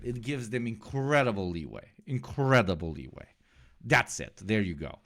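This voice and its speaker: Man, live-stream commentary, sardonic, swears, low voice, dry close mic. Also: expressive, moderate pace, no room sound. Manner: sardonic, swears, swings from low mutter to loud outbursts. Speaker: political streamer reacting to news.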